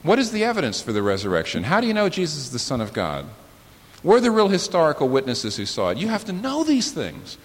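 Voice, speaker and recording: A man preaching a sermon as the pastor, swinging from low, slow, weighty phrases to sudden high, loud outbursts. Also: wildly swooping pitch. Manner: impassioned preaching with sudden rises in pitch and volume and slow, weighty pauses. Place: church sanctuary. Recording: sermon in a large reverberant hall with faint hiss.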